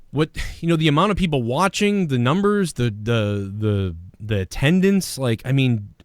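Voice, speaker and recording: A man's voice: on the high side, no echo, studio quality. Swearing man ranting on a podcast. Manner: animated, swearing, mimics people. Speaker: podcast host. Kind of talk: profane ranting commentary.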